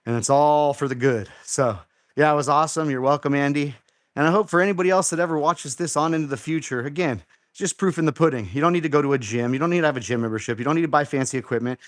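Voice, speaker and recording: A man's voice: on the high side, quick pace, dry recording, studio quality. A middle-aged man hosting a live workout show, coaching a viewer through exercises in an encouraging way and repeating his instructions. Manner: encouraging, repeats instructions, counts reps aloud. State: out of breath after exercise.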